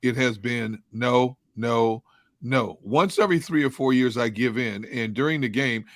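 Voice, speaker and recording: A man with a Philadelphia accent, co-hosting a casual sports talk show and speaking in a measured way with frequent ums. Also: mid-range voice, dry recording, studio quality.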